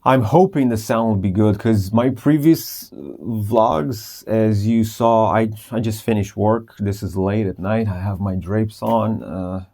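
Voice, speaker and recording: A man's voice: on the low side, measured pace, hardly any pauses, dark tone. A tired man rambling casually at home late at night while he tests a small clip-on wireless mic. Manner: rambling, self-interrupting, sometimes whispering. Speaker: vlogger testing a microphone.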